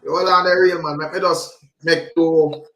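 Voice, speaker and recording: A man's voice: on the high side, little pitch movement, normal speed, fairly bright tone, reverberant. A Jamaican man hosting a casual livestream, greeting viewers in patois. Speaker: livestream host.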